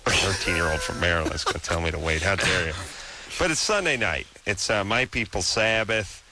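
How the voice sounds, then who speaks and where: A man's voice: low-pitched, brisk, background noise. A man hosting a late-night call-in radio show, sarcastic and ranting, talking into a studio microphone. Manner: sarcastic, ranting, cuts people off.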